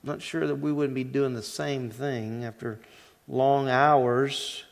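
A middle-aged man preaching a sermon in a conversational way, asking the congregation questions and slowing down on key phrases. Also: medium pitch, steady tone, vocal fry. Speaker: pastor. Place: church sanctuary. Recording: church sanctuary with long reverb.

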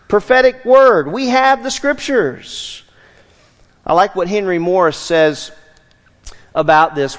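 A pastor with a high-pitched voice preaches through a passage, questioning his listeners and answering himself. His voice rings out in a church hall with a long, trailing reverb. He is animated and teaching. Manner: animated, asks the congregation questions. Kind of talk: expository sermon.

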